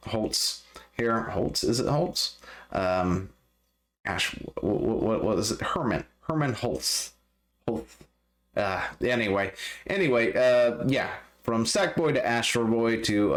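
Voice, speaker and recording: A man talks through gaming news in a casual, unscripted way. His voice sits fairly low, and he rambles, filling gaps with ums and fixing his own slips as he goes. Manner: rambling, full of fillers and self-corrections. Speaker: gaming news channel host.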